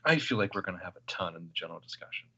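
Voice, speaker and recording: A man's voice: low voice, lively intonation, racing, sharp tone, husky, lo-fi sound. A man joking wryly during a casual podcast chat. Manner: joking, wry.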